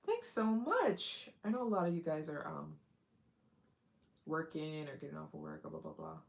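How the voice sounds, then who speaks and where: A woman with a low, creaky voice and huge pitch swings talks at normal speed while hosting a casual travel live stream. She addresses viewers directly in a chatty way, giggles often, and acts out other people's lines with put-on voices.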